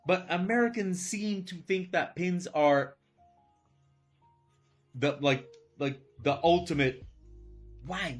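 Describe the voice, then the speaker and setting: A man chatting casually while he draws on a live stream. His talk is slow and rambling, with a lively, expressive pitch, full of incredulous questions and the odd curse. Faint music plays in the background. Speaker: teacher and live-streaming artist. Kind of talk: casual chat during a live art stream.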